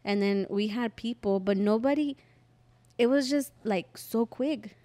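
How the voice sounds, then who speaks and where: Young woman podcast host, casual, animated storyteller with salty language. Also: a little high, measured pace. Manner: animated storyteller who acts out quotes and swears freely. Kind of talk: casual chat.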